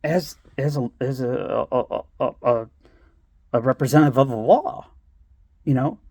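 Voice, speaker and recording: A man's voice: mid-range voice, a little slow, darkish tone, dry recording. A man vlogging in a casual storytelling monologue, giving blunt, streetwise advice and laughing often as he talks. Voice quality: laughs often while talking.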